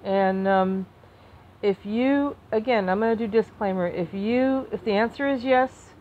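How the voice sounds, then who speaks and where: A woman talking to camera in an emotional personal monologue, impassioned, restarting and repeating herself, flaring into anger and then softening. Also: mid-range voice, measured pace, narrow, tinny audio, a little hiss or hum. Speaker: vlogger.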